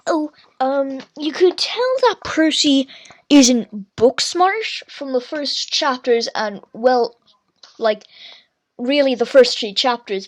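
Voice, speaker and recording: Woman, podcast host, slightly high voice, dry close sound, rambling casual reader who corrects her own slips. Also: no echo. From Ireland. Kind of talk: casual book review with reading aloud.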